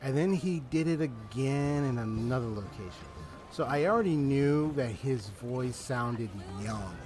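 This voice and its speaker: A man's voice: mid-range voice, lively intonation, a little slow, a little mellow. A man talking casually through a first-time game playthrough, chatty and full of slang, laughing often. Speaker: gaming YouTuber. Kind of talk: casual let's-play commentary. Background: game music.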